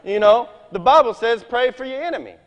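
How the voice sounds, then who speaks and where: A man preaching a sermon in a folksy, animated way, reading scripture aloud and talking straight to his congregation. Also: extremely high pitch, brisk, long reverb tail. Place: church meeting hall.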